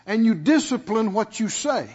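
Male pastor, husky and high-pitched, preaching in a roomy hall with dull sound. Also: big pitch swings, normal speed, a little mellow. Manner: preaching with call-and-response rhetorical questions. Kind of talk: sermon.

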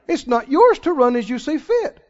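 A man preaching a sermon as pastor, folksy and emphatic, with sudden loud swells and drawn-out words. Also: extremely high pitch, sing-song. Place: church sanctuary. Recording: muffled recording in a reverberant church hall.

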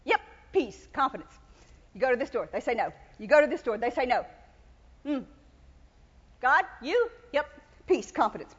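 A woman preaching a sermon in an emphatic, repetitive style, building to loud cries. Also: high-pitched, lively intonation, moderate pace, pauses often, husky, long reverb tail, muffled recording.

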